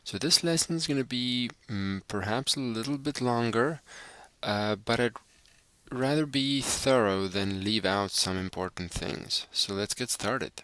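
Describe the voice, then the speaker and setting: A man teaching a recorded language lesson, speaking slowly and carefully and repeating phrases so listeners can practice. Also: mid-range voice, bright, forceful tone, no echo.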